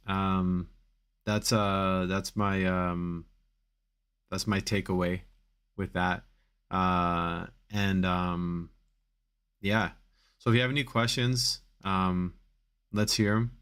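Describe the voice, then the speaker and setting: A man's voice: deep voice, fairly bright tone. A man coaching on back pain in a live Q&A stream, talking casually with many fillers and repeated phrases for emphasis.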